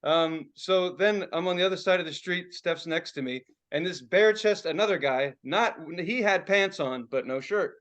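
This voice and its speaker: A man's voice: high-pitched, normal speed, few pauses, a bit bright. A man from Philadelphia, co-hosting a podcast and telling a rambling, profane story in casual chat, laughing as he goes. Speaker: podcast co-host.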